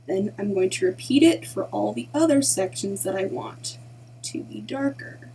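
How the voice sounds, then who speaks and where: A woman talks through a digital drawing lesson at home, easygoing and chatty, her voice at an ordinary middle pitch. She keeps slipping into quiet, muttered half-whispers as she works. A faint hum sits under her voice. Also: expressive, normal speed, vocal fry, rough recording. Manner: chatty, muttering soft half-whispered asides while working. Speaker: art tutorial host. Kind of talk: casual narrated drawing tutorial.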